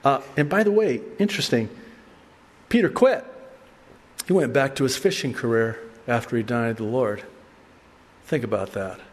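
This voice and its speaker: A man's voice: mid-range voice, moderate pace, pauses often. A man preaching a sermon, telling the story animatedly and acting out voices with humor. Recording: distant voice with long hall reverb, faint ambience.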